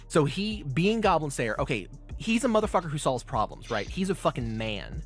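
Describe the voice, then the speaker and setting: A man hosting a podcast, recapping a show in a casual, profane, animated way. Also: a little high, moderate pace, hardly any pauses, faint music behind. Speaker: podcast host.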